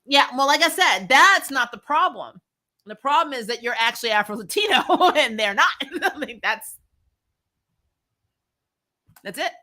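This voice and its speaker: Woman host, bright and forceful tone, chatty live-stream banter with viewers, laughs a lot. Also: high voice, animated. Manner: chatty, laughs often, quick asides. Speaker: YouTube host discussing a TV series. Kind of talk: casual live-stream chat, reading viewer comments.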